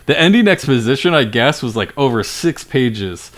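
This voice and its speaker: A man's voice: medium pitch, animated, moderate pace. A man co-hosting a film podcast, talking casually and rambling with fillers and self-corrections.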